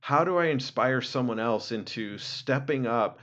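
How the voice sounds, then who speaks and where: A man's voice: medium pitch, expressive, unhurried, fairly bright tone. A man on a podcast talking earnestly and casually, with fillers and restarts. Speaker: podcast host. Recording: dull lo-fi recording.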